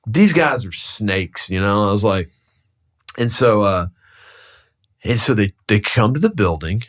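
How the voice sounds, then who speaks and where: A man's voice: on the low side, animated, measured pace. A man, a real estate broker, telling stories casually as a podcast guest, laughing often and swearing freely. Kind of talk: casual storytelling in a podcast interview.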